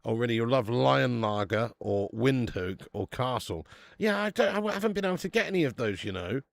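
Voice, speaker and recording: This man hosts a live football watch-along with a gravelly, mid-range, expressive voice at a fairly quick pace. He's chatty and laddish, swearing and calling viewers mate and lad, and he bursts out loud at match chances. There's no room sound.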